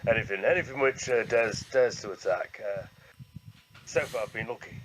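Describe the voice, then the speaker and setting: A man's voice: mid-range voice, normal speed. A man playing a tabletop game, talking casually and laughing. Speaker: player. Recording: noisy home recording.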